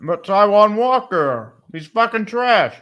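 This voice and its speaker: A man's voice: sits high, sing-song, slow, muffled recording. A man co-hosting a casual podcast, rambling and hedging, with plenty of swearing. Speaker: podcast co-host. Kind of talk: casual chat.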